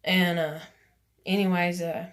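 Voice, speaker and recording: A woman's voice: fairly low pitch, little pitch movement, unhurried. A woman, casually telling a personal story in a rambling vlog, full of "you know" and "like", acting out what others said. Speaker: vlogger.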